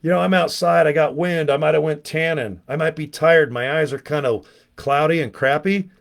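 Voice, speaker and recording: A middle-aged man giving a casual, pushy sales pitch to camera outdoors, talking folksy and checking in with "okay?" and "guys". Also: moderate pace, creaky. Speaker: online business vlogger. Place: outdoors, windy.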